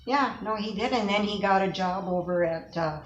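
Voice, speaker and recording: A woman being interviewed, recalling relatives in a rambling, soft-spoken way with fillers. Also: medium pitch, moderate pace, echoey room, dull audio, slight background noise. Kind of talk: casual reminiscing.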